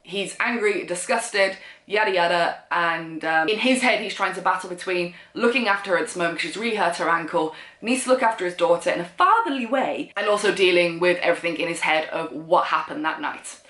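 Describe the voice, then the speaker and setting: A woman's voice: lowish voice, brisk, hardly any pauses, fairly bright tone. A woman reviewing a book in a casual vlog, sarcastic and exasperated, with nervous laughter, recorded at home. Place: room at home. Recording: roomy echo.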